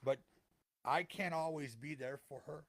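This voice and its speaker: A man's voice: fairly high pitch, unhurried, gravelly, fairly bright tone. A middle-aged man talking earnestly to listeners as a podcast co-host, repeating phrases for emphasis in a heartfelt motivational way.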